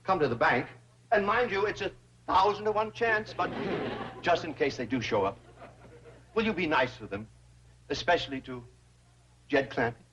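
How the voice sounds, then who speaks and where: An actor playing a flustered, fawning banker who grovels in a theatrical way, on an old sitcom soundtrack. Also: male voice, fairly high pitch, animated, normal speed, long pauses, fairly bright tone. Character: fawning, money-hungry middle-aged banker. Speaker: bank president. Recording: dull old TV soundtrack with hiss.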